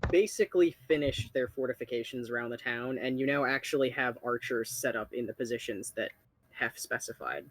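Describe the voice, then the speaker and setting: A young man with a husky voice narrating as game master, dry and teasing. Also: mid-range voice, animated, fairly quick, fairly bright tone. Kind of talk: narrating a tabletop game over voice chat.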